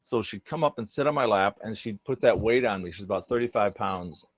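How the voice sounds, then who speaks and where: Man, low voice, earnest casual storytelling, acts out dog voices, dull lo-fi sound. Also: expressive, fairly quick, dry recording. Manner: earnest, acts out his dogs' thoughts in quoted voices. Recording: dull lo-fi recording.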